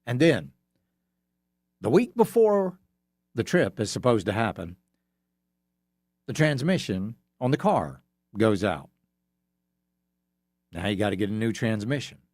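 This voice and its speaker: A man's voice: fairly low pitch, very animated, unhurried, pauses often, a little mellow, no echo, clean studio sound. A man hosting a political talk radio show, emphatic and sarcastic, telling stories to make his point. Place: radio studio. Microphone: studio microphone.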